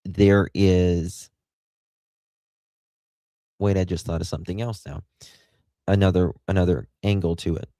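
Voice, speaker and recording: A man's voice: low-pitched, dark tone, no room sound. A man with an Appalachian accent hosting a live stream, rambling casually and greeting chat viewers by name.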